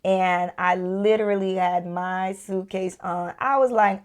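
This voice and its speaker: A woman's voice: on the low side, steady tone, slow pace, few pauses. A woman in her thirties shares a painful chapter of her marriage on a podcast she co-hosts. She talks candidly and emotionally. At the tender moments her voice falls almost to a whisper. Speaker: podcast co-host. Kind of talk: candid personal storytelling.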